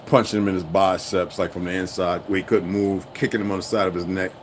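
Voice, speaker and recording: A man's voice: low-pitched, fairly even intonation, quick pace, a little hiss or hum. Heated, profane man ranting on stream. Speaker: livestream host. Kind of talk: unscripted livestream rant.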